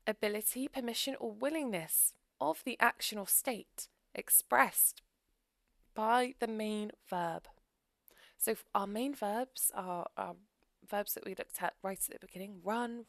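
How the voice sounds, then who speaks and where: Gravelly-voiced woman teaching grammar. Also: medium pitch, no echo, studio quality. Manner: clear, steady explaining with example sentences. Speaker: English teacher. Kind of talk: recorded grammar lesson.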